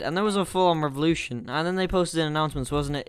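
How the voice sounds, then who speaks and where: A man's voice: fairly high pitch, fast talker, hardly any pauses, soft background music. A man with an Irish accent hosting a casual storytime chat, rambling and laughing at his own jokes. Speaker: channel host.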